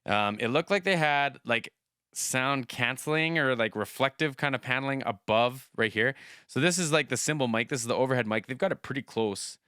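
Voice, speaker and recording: A man's voice: mid-range voice, brisk, bright, forceful tone, smooth, dry recording, studio quality. A man hosting a music reaction video, chatting casually and enthusiastically with a rambling flow of fillers.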